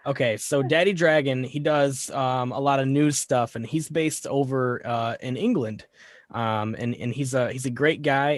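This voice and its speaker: A man's voice: mid-range voice, dry recording, clean studio sound. A man hosting a casual livestream chat, easygoing, reading out viewer comments with frequent restarts. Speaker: livestream host.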